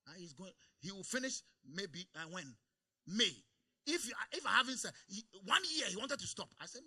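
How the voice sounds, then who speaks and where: A man preaching a sermon in a church service, calling for amens and swinging between quiet asides and loud exclamations. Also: high-pitched, animated, moderate pace, slightly rough. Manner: calls for amens from the congregation. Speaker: pastor.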